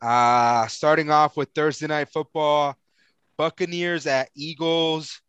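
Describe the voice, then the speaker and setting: A man's voice: on the high side, slow pace, clean tone, no room sound, dull audio. A young man hosting a casual sports betting podcast, telling stories with plenty of laughter and swearing. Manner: laughing, swears freely, excitable storyteller. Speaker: podcast host.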